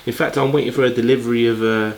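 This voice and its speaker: A man's voice: medium pitch, fairly even intonation, rapid-fire, low-quality recording. A man with a London accent, chatting casually and colloquially as he reacts to a video. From London, England.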